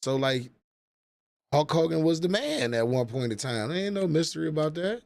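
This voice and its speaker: A man's voice: fairly high pitch, sing-song, moderate pace, gravelly, a little mellow, no echo. A man in his forties chatting casually on a livestream, profane and rambling as he reminisces. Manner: profane, rambling, nostalgic storytelling. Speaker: livestream host.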